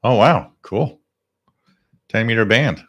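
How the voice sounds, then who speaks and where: Man, live stream host, ranting, emphatic, lowish voice. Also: expressive, slow, slightly rough. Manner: ranting, emphatic, rises to near shouting. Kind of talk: live-stream talk and rant.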